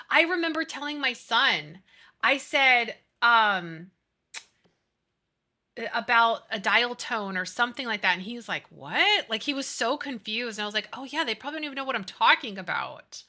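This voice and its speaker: A woman's voice: a little high, bright, forceful tone. A woman in her thirties chatting casually and animatedly with her live chat, giggling and gushing as she talks. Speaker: streamer.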